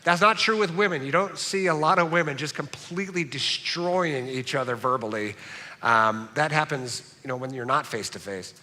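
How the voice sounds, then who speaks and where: Joking pastor with a bright voice in a hall. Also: male voice, on the high side, normal speed, a little hiss or hum. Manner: conversational, joking, self-deprecating. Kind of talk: sermon. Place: church sanctuary. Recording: reverberant church hall.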